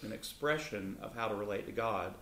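Animated male Bible teacher, echoey room. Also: fairly quick, a little hiss or hum. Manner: lively, pitch jumps up when voicing Jesus. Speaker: co-host of a Christian talk show.

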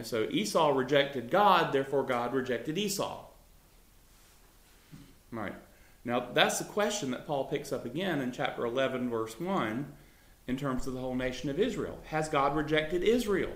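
A man's voice: mid-range voice, a bit bright. A man leads a Bible study in an informal, conversational way. He chuckles often and pads his points with easy fillers. His voice sits in the middle range and the room around him sounds echoey.

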